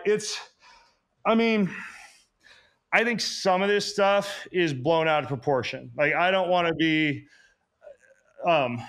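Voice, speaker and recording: A man speaks as a guest on a podcast with a slightly high voice. He explains health habits at a quick clip, in a casual way full of fillers. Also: a bit bright. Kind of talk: casual interview chat.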